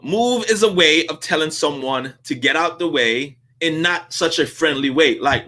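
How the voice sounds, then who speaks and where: Male host, casual commentary, bright tense voice, somewhat high, animated storyteller. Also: measured pace, hardly any pauses. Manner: animated storyteller, often laughing.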